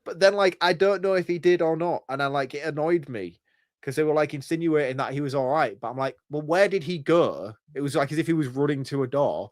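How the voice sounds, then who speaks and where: A man's voice: a little high, quick pace, no room sound, clean studio sound. A man co-hosting a casual film review podcast, chatty, laughing often and picking at plot holes. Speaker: podcast co-host.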